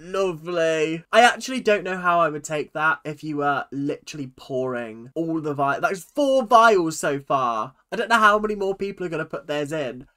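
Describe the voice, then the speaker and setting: A YouTube host giving casual, animated reaction commentary with frequent laughs and exclamations. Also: mid-range voice, normal speed, few pauses.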